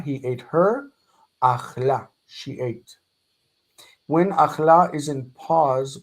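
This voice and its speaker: A man leads a live grammar class, talking at a slow, unhurried pace. He explains patiently and repeats each example form. His voice sits in an ordinary middle pitch. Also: low-quality recording. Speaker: Hebrew teacher.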